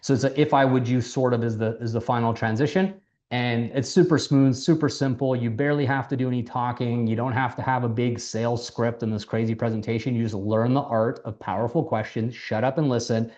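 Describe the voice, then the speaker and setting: A man casually coaching people on sales, lively, acting out quoted conversations, and swearing now and then. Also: mid-range voice, brisk, muffled recording. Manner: animated, acts out quoted dialogue, swears casually. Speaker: mentor teaching sales.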